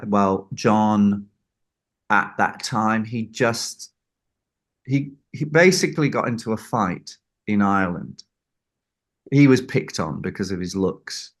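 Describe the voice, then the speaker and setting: A man, a record producer, telling a story in an interview and acting out the people he quotes. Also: on the low side. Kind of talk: anecdote in an interview.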